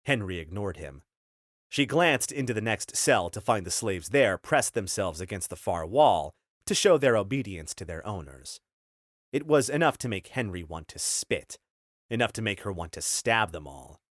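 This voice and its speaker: A man's voice: on the low side, expressive, normal speed, no room sound. A man narrating an audiobook in a scripted style, telling the story steadily on a close studio mic.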